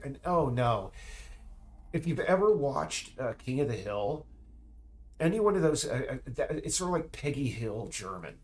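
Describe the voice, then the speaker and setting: A man's voice: mid-range voice, animated, moderate pace, a little mellow. A middle-aged man chatting while he works on a game, drifting into tangents and restarting his sentences. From United States. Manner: rambling, tangents, frequent restarts and stammers. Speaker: indie game developer streaming. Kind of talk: casual rambling chat while working.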